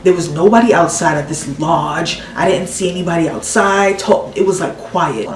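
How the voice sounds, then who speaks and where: A woman's voice: on the low side, normal speed, reverberant, far from the mic, rough recording. A woman telling a story casually, venting and acting out what people said while doing her makeup. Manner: animated, exasperated storytelling with acted-out quotes. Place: home room, doing makeup while talking.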